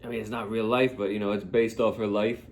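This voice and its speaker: A man's voice: fairly low pitch, flat delivery, fast. A young man co-hosting a podcast, laid-back and agreeable in casual chat. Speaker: podcast co-host.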